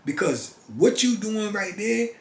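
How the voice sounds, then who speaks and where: A man's voice: sits high, animated, unhurried. An older man talking casually and emphatically in street slang, repeating phrases for rhythm, as the host of his channel. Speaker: channel host, former prisoner. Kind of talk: casual storytelling monologue. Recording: echoey room with faint noise.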